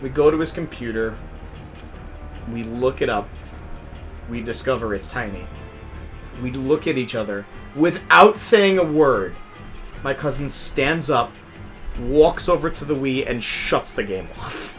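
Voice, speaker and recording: A young man telling a story in casual chat, animated and profane, swinging from low mutters to loud outbursts. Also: unhurried, long pauses, soft background music. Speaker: podcast host.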